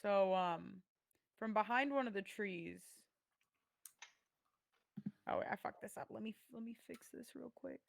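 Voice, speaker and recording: Gravelly-voiced woman game master. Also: medium pitch, normal speed, no room sound. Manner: casual, hesitant narration with many fillers. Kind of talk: narrating a tabletop game.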